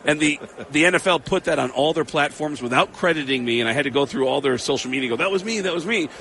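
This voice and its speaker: A man who is a stand-up comedian, telling animated anecdotes and acting out the exchanges he quotes. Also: medium pitch, gravelly. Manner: excitable, quick storyteller who acts out quoted exchanges.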